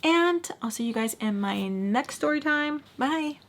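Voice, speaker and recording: A young adult woman telling a story to camera in a slangy, animated way, full of fillers and quick asides. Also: high voice, background noise. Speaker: storytime vlogger. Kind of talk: casual storytime chat.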